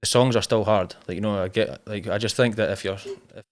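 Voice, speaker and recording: A man's voice: lowish voice, steady tone, brisk. A man from Scotland with a Scottish accent, a rapper guest in a casual interview, laid-back, saying "mate".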